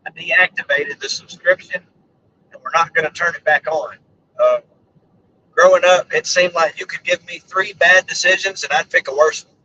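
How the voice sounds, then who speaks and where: Here a middle-aged storm chaser, voice hoarse and fading, rambles jokingly and pokes fun at himself on a live stream inside a vehicle. His pitch runs high with big swings, the tone bright and forceful, at normal speed. It's recorded from a distance in lo-fi quality with slight background noise.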